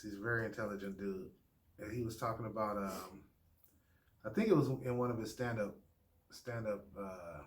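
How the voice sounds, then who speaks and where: An American man in a casual discussion, talking in a rambling way with slang and fillers. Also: lowish voice. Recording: echoey room with faint noise.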